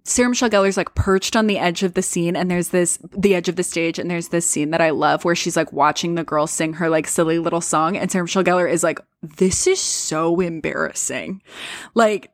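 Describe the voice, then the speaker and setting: A woman's voice: fairly low pitch, steady tone, fast, hardly any pauses, dry recording. A woman co-hosting a podcast, chatting frankly and emphatically about a movie. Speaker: podcast co-host. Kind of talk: casual movie recap chat.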